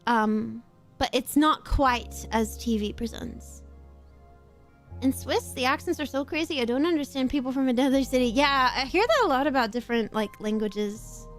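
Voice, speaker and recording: A woman chatting casually while playing a game on stream, rambling through quick asides and laughing often. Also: high-pitched. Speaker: VTuber streamer. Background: faint background music.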